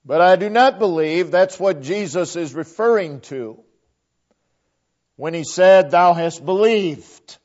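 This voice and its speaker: Slow, high-voiced preacher man. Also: darkish tone. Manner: emphatic, repeats phrases for stress. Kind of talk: sermon. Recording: dull lo-fi recording.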